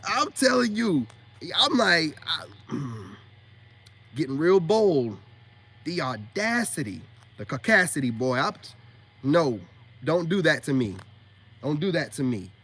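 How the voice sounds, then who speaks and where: A man's voice: on the high side, big pitch swings, slow, long pauses, fairly bright tone, breathy edge. Emphatic man preaching in street slang. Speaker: self-styled spiritual coach. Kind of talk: casual preachy monologue to camera.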